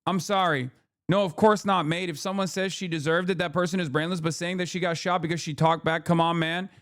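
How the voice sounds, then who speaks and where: A man in his thirties rants on a live stream, swearing constantly and stacking up angry rhetorical questions. His voice sits high for a man and stays sharp and heated. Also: fairly even intonation. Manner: angry, profane, rapid-fire rhetorical questions. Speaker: political commentator streamer.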